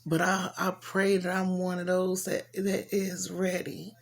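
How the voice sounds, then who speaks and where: A woman's voice: fairly low pitch, monotone, measured pace. A woman giving an earnest, heartfelt devotional reflection and reading scripture aloud, often repeating her phrases. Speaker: Bible reader.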